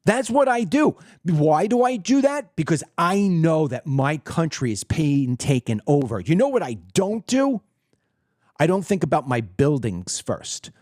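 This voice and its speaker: Hosting his own political commentary show, a man delivers a heated, blunt, and combative monologue that lurches between loud outbursts and low, menacing tones. He's very animated but keeps a measured pace, recorded in clean studio sound without echo.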